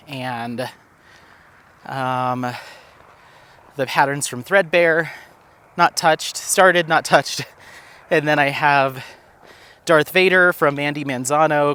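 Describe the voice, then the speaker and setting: A man's voice: medium pitch, pushed and bright. A man chatting casually for his crafting vlog while walking outdoors, rambling with many fillers and coaxing his dog in a playful, raised voice. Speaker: crafting vlogger. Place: outdoors on a walk.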